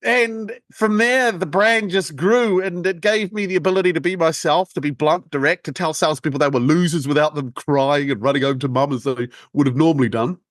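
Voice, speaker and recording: Man, high-pitched, blunt, provocative, dry close sound. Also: a little fast, hardly any pauses, no room sound. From United Kingdom. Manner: blunt, provocative, lively delivery. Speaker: guest, sales trainer. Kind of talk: casual interview storytelling.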